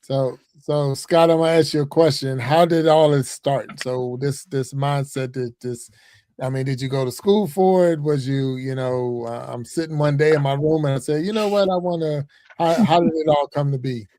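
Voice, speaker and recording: Mellow man asking halting questions. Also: on the high side. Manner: halting, restarts his questions. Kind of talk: casual interview questions.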